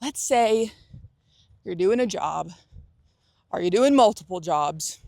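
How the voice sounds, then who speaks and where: A woman's voice: mid-range voice, lively intonation, slow, gravelly, mellow, no echo. A young adult woman hosting a motivational talk, speaking earnestly with frequent restarts and acted-out inner thoughts. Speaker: host.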